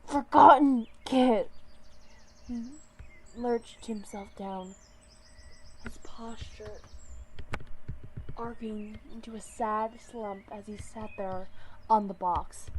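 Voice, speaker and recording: Casting: a woman reading a fan story aloud, slow and halting, with faint background noise. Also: medium pitch, a little mellow. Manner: hesitant, with self-corrections. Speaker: narrator.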